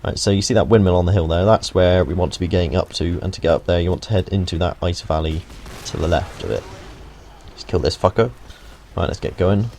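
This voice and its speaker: Low-voiced jokey gamer. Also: male voice, brisk, creaky, warm tone, slight background noise. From United Kingdom. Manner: jokey, rambling asides, mild swearing. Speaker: gaming video host. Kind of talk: casual gameplay walkthrough commentary.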